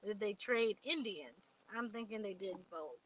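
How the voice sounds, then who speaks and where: A woman's voice: mid-range voice, expressive, moderate pace, no echo, highs cut off. A woman hosting a casual livestream, chatting and reading viewer comments aloud before answering them. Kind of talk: casual live chat.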